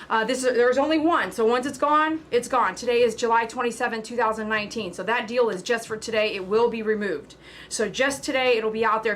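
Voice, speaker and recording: A woman pet groomer hosting a casual livestream, talking loud and chattily to her viewers and pitching a sale. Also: a little hiss or hum. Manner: loud, talkative.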